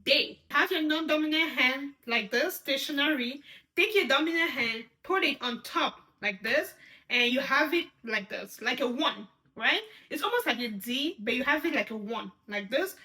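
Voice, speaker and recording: Woman, high-pitched, bright tone, patient step-by-step teaching, frequent check-ins. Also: expressive, moderate pace. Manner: patient, repeats each sign word, checks in with "right?". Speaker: sign language teacher. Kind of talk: step-by-step instruction.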